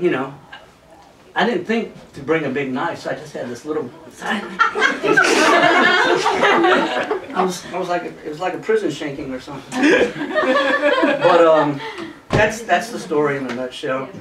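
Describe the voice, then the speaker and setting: Guy telling a story and cracking up a lot, high lively voice, roomy far-off camcorder sound with loud hiss. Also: brisk, a loud crowd. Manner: laughs often while telling a story. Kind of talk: casual anecdote. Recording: roomy distant camcorder audio with loud noise.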